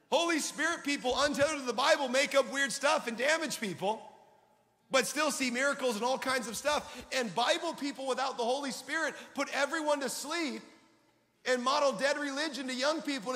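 A man delivering an energetic, conversational sermon, his voice high and bright with a forceful edge. He calls out to the congregation for replies. The sound carries the long reverb of a large hall. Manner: energetic, conversational preaching with audience call-and-response. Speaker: pastor.

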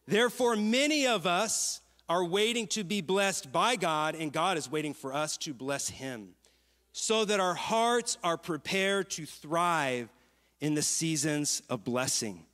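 A pastor preaches a lively sermon, telling stories and asking his congregation questions. His high, bright voice moves a little slowly and rings out with a long reverb tail, as in a large church auditorium.

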